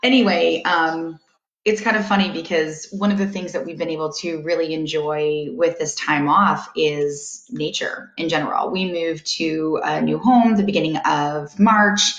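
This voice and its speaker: Low-voiced chatty woman vlogging from home. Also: steady tone, a little slow, a bit bright, echoey room, poor audio. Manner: chatty, rambling, laughs easily. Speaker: host of a daily live video. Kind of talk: casual live vlog chat.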